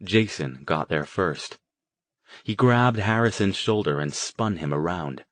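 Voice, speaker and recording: A man narrates an audiobook in a measured, even storytelling style, delivering scripted narration. His pitch is low, and the recording is dry.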